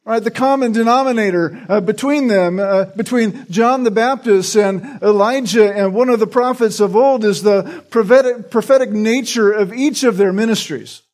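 A man's voice: high voice, normal speed, hardly any pauses, a little mellow. A man preaching an expository Bible study, often repeating words and checking in with his listeners. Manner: repeats words while teaching, asks "right?". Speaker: pastor.

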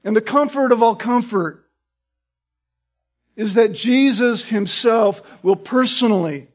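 High-voiced preaching man, earnest. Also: slow, long pauses. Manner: often asks "right?" to check in with listeners; earnest, explanatory preaching with restarts. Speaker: pastor. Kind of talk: sermon.

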